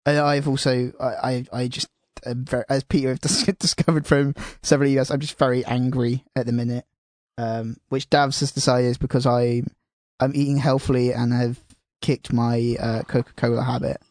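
A man's voice: mid-range voice, flat delivery, normal speed, darkish tone, dry recording, clean studio sound. A man hosting a casual podcast chat, rambling and self-deprecating, with casual swearing. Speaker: podcast host.

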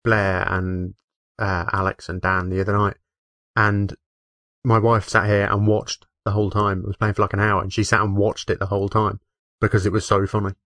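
A man's voice: fairly low pitch, little pitch movement, normal speed, a bit bright, no echo. A man from the UK chatting casually on a gaming podcast, dry and sweary with a matter-of-fact delivery. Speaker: podcast co-host.

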